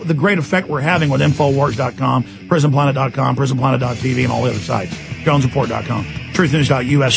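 A man hosting a talk radio show, ranting angrily, repeating himself and shouting. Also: on the high side, creaky. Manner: shouting, indignant, repetitive. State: agitated. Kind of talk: angry talk radio rant.

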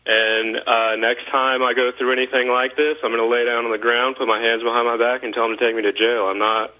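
Man, radio caller, hesitant, flat monotone, tinny phone-line sound. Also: medium pitch, brisk. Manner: hesitant, with frequent "uh" fillers. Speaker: caller, activist guest.

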